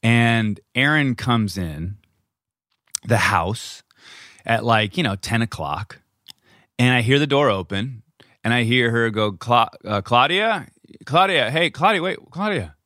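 A man co-hosting a podcast from home, telling a story in a lively, casual way, acting out quotes and swearing freely. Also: mid-range voice, takes it slowly, pauses often, no echo, clean studio sound. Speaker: podcast co-host. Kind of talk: casual chat.

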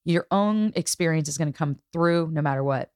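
A woman in her forties hosting a podcast, telling stories in a casual, emotional and animated way. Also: sits low, fairly quick, smooth, no room sound, clean studio sound. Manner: emotional, animated storytelling with acted-out quotes. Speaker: podcast host. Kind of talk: casual chat.

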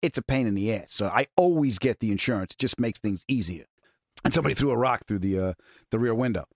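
A man's voice: medium pitch, lively intonation, quick pace, no room sound, studio quality. A man hosting a podcast in casual comedic chat, telling stories with a wry, joking manner. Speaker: podcast host.

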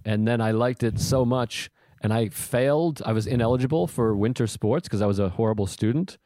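A man talks easily with a guest on his podcast, jokey and a little rambling, dropping swear words as he goes. His voice sits at a middling pitch and is recorded close and dry, with no room sound. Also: brisk, dark tone, dry recording. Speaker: podcast host, comedian. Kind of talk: casual podcast chat.

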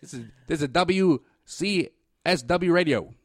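A man's voice: on the high side, measured pace, no echo, clean studio sound, voice pushed up, close to an everyday voice. A man doing a brash 1940s radio newsman. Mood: hammy. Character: brash male 1940s radio news reporter.

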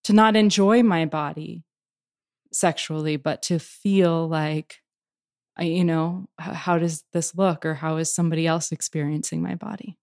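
A woman's voice: low voice, fairly even intonation, vocal fry, a little mellow, no echo, clean studio sound. A woman poet and author answering interview questions reflectively, searching for words as she goes. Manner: thoughtful, searching, halting restarts.

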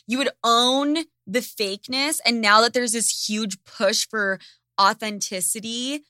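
A woman hosting a podcast in casual chat, ranting in an animated, profane way. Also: fairly high pitch, measured pace, clean tone, no echo, studio quality. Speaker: podcast host.

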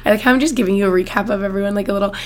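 A woman's voice: mid-range voice, rapid-fire. A woman in her twenties hosting a podcast, chatting casually in a bubbly, gushing way with lots of "like". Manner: bubbly, gushing, heavy use of "like". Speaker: podcast host. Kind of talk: casual chat.

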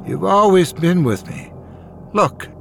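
A man's voice: high-pitched, animated, slow, a bit bright, slight background noise, pitched above the performer's own voice, full character voice. A man putting on a deranged whispering ex-girlfriend. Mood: wailing. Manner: breathy whispering, unhinged and giggly. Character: deranged obsessive young woman, creepy stalker ex.

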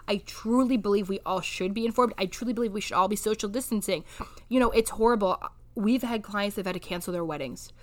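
A woman's voice: medium pitch, fast talker. A woman therapist co-hosting a podcast, chatting casually and animatedly, swearing freely and laughing often. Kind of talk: casual chat.

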